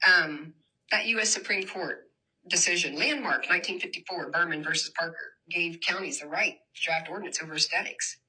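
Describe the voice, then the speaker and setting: A woman's voice: on the low side, fairly quick, bright, forceful tone, slightly rough. A woman giving an impassioned public presentation in a university hall, addressing the audience directly. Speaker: community organizer giving a talk.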